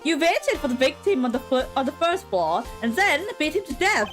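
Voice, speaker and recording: A woman's voice: high-pitched, very animated, moderate pace, fairly bright tone, faint music behind, pitched above the performer's own voice. A woman voicing a proud, harsh young female prosecutor in a game, reading her lines in a haughty, scolding way with a German accent attempt. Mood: scornful. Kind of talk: reading game dialogue aloud.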